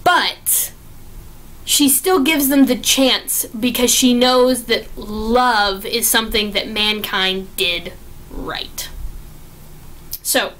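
A young woman giving a casual, gushing spoken movie review, excitable and full of restarts. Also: on the high side, extremely slow, a little hiss or hum.

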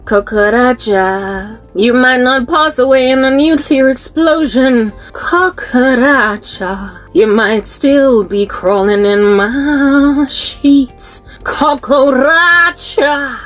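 A woman's voice: high voice, slow, hardly any pauses, faint music behind. A woman from South Africa, a Christian online minister, joking and preaching in a theatrical, half-sung way. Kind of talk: playful improvised singing and preaching.

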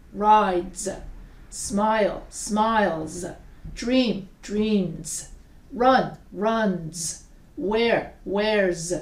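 Slow, deliberate woman teaching grammar. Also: medium pitch. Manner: reads word pairs aloud slowly and deliberately, with asides. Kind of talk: recorded classroom-style lesson. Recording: echoey room, mic set far off.

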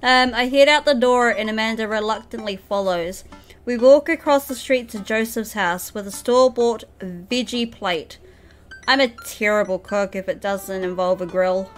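A woman's voice: fairly high pitch, normal speed, faint music behind. A young woman streaming a game live, reading its dialogue aloud and laughing often as she chats with viewers. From New Zealand. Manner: giggly, chatty with viewers, reads game lines in a playful voice.

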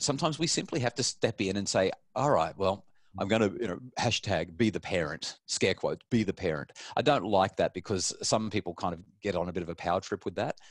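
Low-voiced man explaining parenting, dry sound. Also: no room sound. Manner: earnest, explanatory, uses family anecdotes. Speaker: parenting expert guest. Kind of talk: webinar talk on a video call. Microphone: video call microphone.

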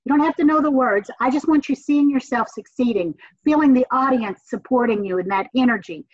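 Energetic and encouraging, this Southern woman with a Southern American accent lectures her communications class, repeating points for emphasis. She speaks a little fast in a high voice, and the dull, dry lo-fi recording has no room sound.

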